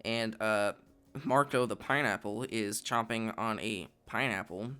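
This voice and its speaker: A man's voice: on the low side, unhurried, bright, forceful tone, clear, resonant tone. Laid-back man recapping a comic. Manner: laid-back, laughs often, narrates and reads lines aloud. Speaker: podcast co-host. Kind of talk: casual chat, recapping a comic.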